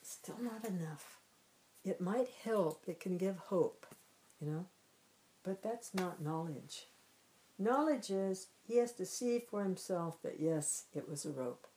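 Low-voiced woman teaching with a story. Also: lively intonation, slow, mellow, slight background noise, low-quality recording. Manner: conversational, frequent "you know", restarts and repeats. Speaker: spiritual teacher.

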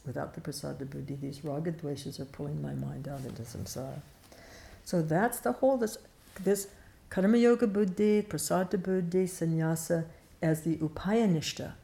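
A woman's voice: low voice, moderate pace, gravelly, mellow. A middle-aged woman giving a conversational spiritual teaching talk, often restarting and repeating her words. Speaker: Vedanta teacher.

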